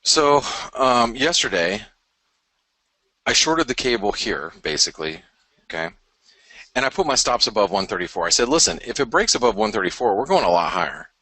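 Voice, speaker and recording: A man's voice: lowish voice, very animated, normal speed, pushed and bright, dry recording. A man hosting a live trading webinar, talking through charts in a rambling, frank way, often stopping and restarting mid-thought. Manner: rambling, self-interrupting, frank.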